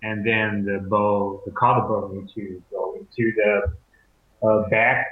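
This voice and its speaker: Man from Taiwan, Mandarin native, English student, halting and unhurried; phone-like, roomy audio. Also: fairly low pitch, little pitch movement. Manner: hesitant, searching for words with many fillers and restarts. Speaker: language student. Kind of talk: online English conversation lesson. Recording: echoey, tinny call audio.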